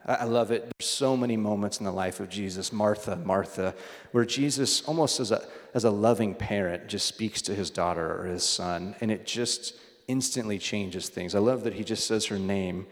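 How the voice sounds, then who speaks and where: A man's voice: fairly low pitch, moderate pace. A man preaching a sermon as pastor, in a loose conversational way, telling stories between readings. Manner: conversational, storytelling with small restarts. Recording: long hall reverb.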